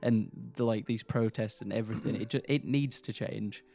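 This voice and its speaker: A man's voice: fairly low pitch, moderate pace, gravelly, mellow, soft background music. Rambling British podcast co-host man. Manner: rambling, restarts sentences, swears casually. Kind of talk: casual chat.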